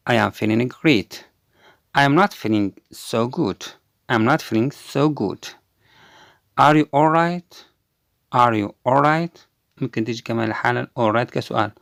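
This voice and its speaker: Male English teacher, slow repeat-after-me drills, dry close recording. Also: medium pitch, fairly bright tone, no room sound. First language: Arabic. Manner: drills each English phrase slowly twice, explains quickly in Arabic. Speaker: language teacher. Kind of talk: recorded language lesson.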